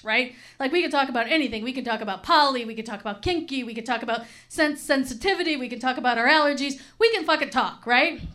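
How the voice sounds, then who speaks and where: High-voiced, profane woman comedian. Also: a bit bright. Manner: frank, profane, rambling storytelling. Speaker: stand-up comedian. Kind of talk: stand-up comedy.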